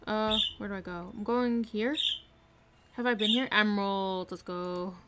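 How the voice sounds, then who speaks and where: A woman with a mid-range, fairly even voice speaks unhurriedly while live-streaming a video game, chatting casually, talking to herself, reading chat, and giggling often. Faint noise, mouse clicks, and typing are audible.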